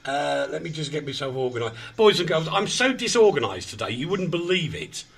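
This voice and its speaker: A man's voice: fairly high pitch, sing-song, brisk, creaky, slightly rough. A man hosting an online radio show in casual, self-mocking chat, flustered while he fights with his equipment.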